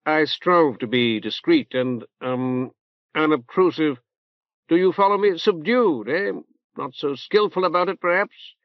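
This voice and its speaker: A man's voice: fairly high pitch, unhurried, pitched above the performer's own voice, lightly acted. A man voicing a pompous older male cleric with a reverberant nasal voice, fussy and full of hesitant ums. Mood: unctuous. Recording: dull dry tape transfer.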